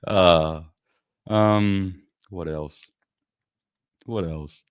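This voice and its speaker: A man hosts a loose, meandering livestream, talking straight to his viewers and swearing freely. His voice sits very low, and the sound is dry and close, with no room echo. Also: extremely slow, clean tone. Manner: rambling, loose and profane, chatting to viewers. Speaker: livestream host. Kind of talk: casual livestream chat.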